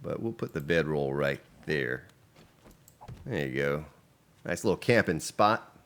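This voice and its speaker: A man's voice: rumbling low, measured pace. A man casually commenting on his game during a live stream, chatting with viewers as he plays. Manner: relaxed and chatty, reading out and answering viewer chat.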